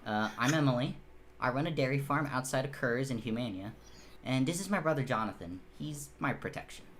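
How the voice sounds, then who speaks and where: A man's voice: medium pitch, expressive, a little fast, fairly bright tone, a little hiss or hum, lightly acted. A man voicing a blunt young farm girl who is chatty, casual and a bit impatient with her brother, in a tabletop game.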